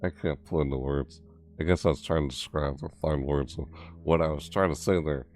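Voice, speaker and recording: Very deep-voiced rambling male streamer. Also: steady tone, a little fast, darkish tone. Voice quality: deep voice from low in the throat. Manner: rambling, self-interrupting, musing aloud. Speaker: streamer reacting to game news. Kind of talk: casual live-stream chat.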